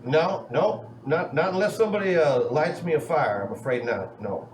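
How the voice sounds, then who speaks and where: A man's voice: a little high, animated, moderate pace. A man playing a tabletop game in character, talking in a drawling cowboy manner. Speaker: tabletop player. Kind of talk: in-character role-play. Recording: roomy, distant mic, noisy.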